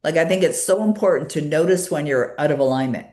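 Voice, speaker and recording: A woman guest in an interview, telling a personal story with many fillers and a lively retelling of conversations. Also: sits low, fast talker, roomy sound.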